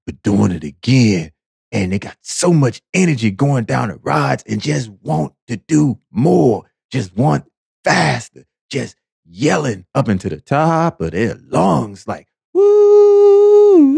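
A man's voice: mid-range voice, gravelly, darkish tone, slightly rough, no echo, studio quality. A man hosting a podcast and giving a preachy, emphatic monologue full of repetition. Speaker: podcast host. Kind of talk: motivational monologue.

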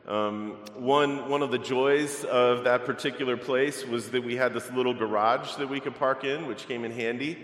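A man's voice: mid-range voice, fairly even intonation, moderate pace, few pauses, a bit bright. A middle-aged male pastor preaching a sermon, reading scripture and telling a personal story in a conversational way with fillers. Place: large church sanctuary. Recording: echoey church hall, long reverb.

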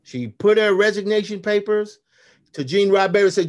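A man in his fifties, a graphic novelist appearing as a podcast guest, talks in a high, brisk voice. In casual conversation he tells stories with lots of energy, acting out the quotes as he goes.

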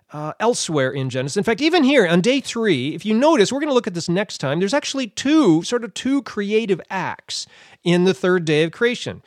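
Guy teaching a bible study, kinda high voice, lots of uh and restarts, dry close sound. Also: dry recording. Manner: thinking aloud, with many fillers and restarts.

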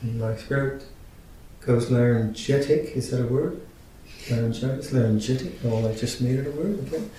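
Older male teacher in his 60s, mellow tone, unhurried dharma talk, picked up from far off in a big echoey room. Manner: unhurried, halting, gently humorous. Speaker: Buddhist teacher. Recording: very echoey room, mic at a distance, faint rumble.

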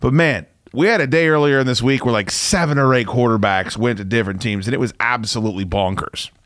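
A man's voice: mid-range voice, quick pace, a bit bright, no echo, clean studio sound. A man hosting a sports talk podcast, casually rambling and joking, with lots of fillers and restarts. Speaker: podcast host.

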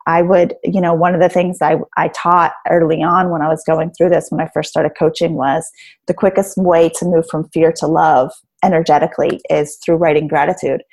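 A woman's voice: low voice, flat delivery, moderate pace, a little mellow. A woman in her thirties or forties, a life coach talking earnestly about rebuilding her life, with lots of "um" and "like". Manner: earnest, reflective, many fillers like "um" and "like". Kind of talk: casual podcast conversation.

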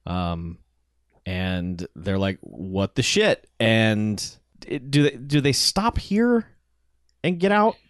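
A man's voice: on the low side, takes it slowly, clean tone, no echo, studio quality. A man co-hosting a casual podcast, recapping a movie with swearing and acted-out quotes. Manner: profane, laughing, acts out quotes. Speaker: podcast co-host.

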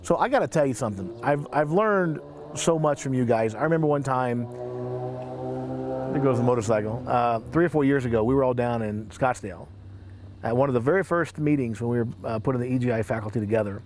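A man's voice: medium pitch, a little fast, background noise. A man hosting a casual panel talk, chatty and enthusiastic. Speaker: host.

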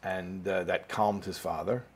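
A man's voice: deep voice, steady tone, unhurried, breathy edge. Man telling a story in a rabbi's class. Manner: mixes in Hebrew and Yiddish terms, explains with growing emphasis.

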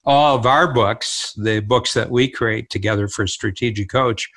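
A man's voice: mid-range voice, measured pace, a bit bright. An older man, a co-host, talking in a reflective, storytelling manner in a casual conversation.

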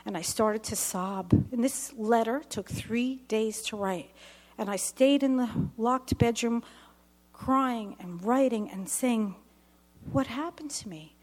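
A middle-aged woman giving an earnest personal testimony at a dinner event, slowing down and dropping to a whisper at intense moments. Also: on the high side, darkish tone.

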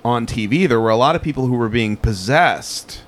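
A man's voice: medium pitch, animated, brisk. Rambling man in casual chat. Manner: rambling, heavy on fillers like "like" and "um". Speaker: podcast co-host.

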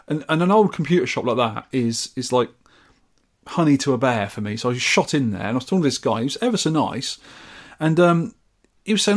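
A man's voice: medium pitch, fast talker. A man from the UK chatting casually and enthusiastically as a podcast host. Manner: chatty and enthusiastic, rambling with restarts. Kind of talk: casual chat.

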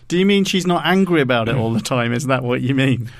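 A man of middle pitch hosts a podcast in casual banter. He teases his co-host with quick rhetorical questions. The sound is dry and close. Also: animated, no room sound.

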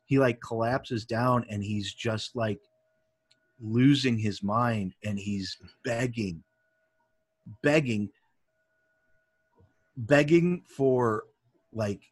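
A man co-hosting a podcast, talking earnestly and haltingly in casual chat. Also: mid-range voice, husky, dry recording. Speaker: podcast co-host.

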